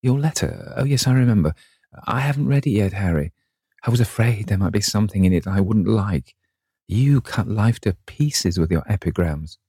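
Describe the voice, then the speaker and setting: A man voicing a young, passionate and vain English gentleman, with theatrical emotion. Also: on the low side, expressive, moderate pace, husky, no echo, clean studio sound. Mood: defensive. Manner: impassioned, theatrical.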